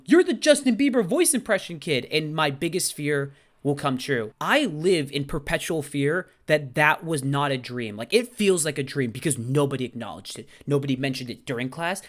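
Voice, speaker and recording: A young man telling a story casually to camera, self-deprecating and animated, often swearing and acting out the people he quotes. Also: on the high side.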